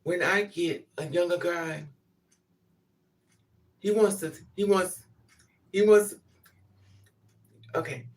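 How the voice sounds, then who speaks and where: A woman's voice: fairly low pitch, slow, long pauses, distant mic. An older woman hosting a casual livestream, talking frankly, laughing often and greeting viewers by name. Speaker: livestream host.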